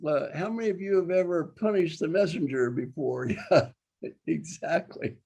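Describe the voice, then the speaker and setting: A man's voice: on the high side, moderate pace, creaky, mellow, slightly rough. A man, a leadership coach, running an interactive online workshop over a video call, who talks with energy, repeats his key phrases and quizzes his listeners.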